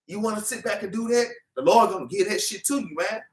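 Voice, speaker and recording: With a high voice and a quick pace, a man teaches a Bible class before a congregation in a meeting room. He preaches fervently in repetitive street talk and has scripture read back to him, captured by a distant mic in an echoey space.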